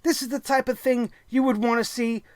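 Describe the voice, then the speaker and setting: A man's voice: very high-pitched, fairly even intonation, fairly quick, a little mellow, no echo, studio quality. A man hosting a wrestling review show, ranting angrily and sarcastically with lots of profanity.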